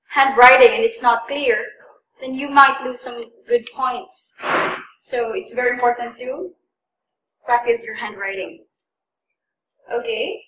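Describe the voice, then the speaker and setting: Woman tutor, high voice, patient, stresses each word, roomy echo. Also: a bit bright, slight background noise. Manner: patient, repeats and stresses words for learners. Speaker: English test tutor. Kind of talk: classroom lesson. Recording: echoey room, voice from a distance.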